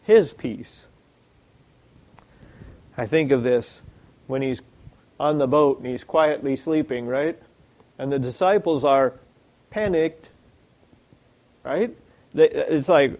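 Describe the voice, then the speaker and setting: A man preaching a sermon, reading scripture aloud and acting out the lines of the people in the story with lively energy. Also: mid-range voice, slow pace, long pauses. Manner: animated, acts out quoted lines, reads scripture.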